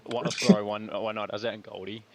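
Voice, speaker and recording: Crowd noise fills the background as a young Australian streamer games and tells a long story thick with slang and swearing. He talks a little fast in a lowish, flat voice.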